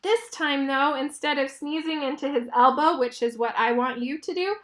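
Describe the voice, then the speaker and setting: High, bright woman reading to kids. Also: normal speed. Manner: explains pictures, asks children questions. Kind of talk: reading a picture book aloud to children.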